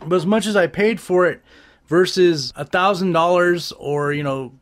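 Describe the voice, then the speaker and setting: A man with a noticeably high voice hosts a casual nerd podcast. He rants with a profane, animated style and exaggerates freely as he reviews a movie. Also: normal speed. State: briefly out of breath. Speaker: podcast host.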